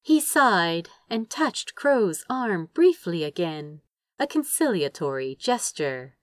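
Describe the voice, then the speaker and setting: A woman reading a story aloud as narrator, with measured, expressive storytelling. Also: on the low side, no echo. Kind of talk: audiobook narration.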